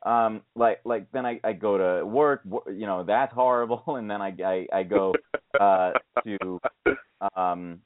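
A man co-hosting a casual talk show, telling rambling stories with many restarts and exasperated outbursts, speaking into earbud headphones. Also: measured pace. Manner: rambling storyteller, many restarts, rising to high exasperated pitch. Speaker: radio co-host. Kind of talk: casual podcast chat. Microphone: iPhone earbud headset mic. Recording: tinny phone-like dry sound.

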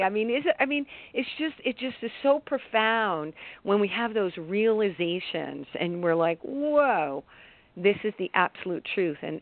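A woman coach on a radio talk show, telling a personal story in an animated, rambling way with bursts of excitement. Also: on the low side, no room sound. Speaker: life coach guest. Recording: tinny phone line.

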